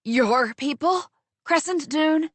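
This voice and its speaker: A woman voicing a grieving, vengeful young woman who speaks low, hushed and cutting, in an audiobook. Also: animated, slow, no room sound. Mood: contemptuous. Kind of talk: audiobook character voice.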